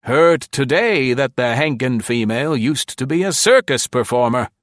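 A man voicing a big, eccentric colonel in an audiobook, with a shrill, drawn-out, theatrical delivery. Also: lively intonation, no echo, studio quality, natural voice. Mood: probing. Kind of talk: audiobook character voice.

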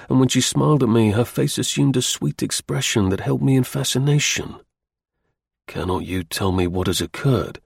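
A man narrating a period novel in a measured, formal storytelling manner. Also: mid-range voice, vocal fry, a little mellow, breathy edge, no echo, studio quality. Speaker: audiobook narrator.

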